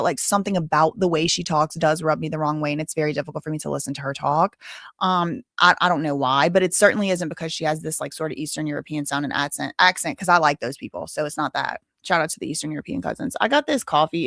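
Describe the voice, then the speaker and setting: Woman on a live stream, kinda tired, chatty and rambly, lowish voice, dry close sound. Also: fairly bright tone, no echo. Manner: chatty, rambling, addresses viewers as y'all. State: tired, low energy. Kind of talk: casual live stream commentary.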